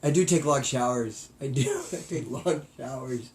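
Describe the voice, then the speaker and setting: A middle-aged man co-hosting a podcast, chatting in an excitable, goofy way. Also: medium pitch, normal speed. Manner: excitable, goofy, prone to playful voices. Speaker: podcast co-host. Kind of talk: casual comedic banter.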